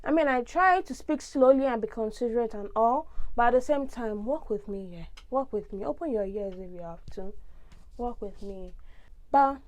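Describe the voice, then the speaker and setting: High-voiced Nigerian woman vlogger, ranting. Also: moderate pace. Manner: expressive, ranting, big swings in tone. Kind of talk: casual vlog monologue.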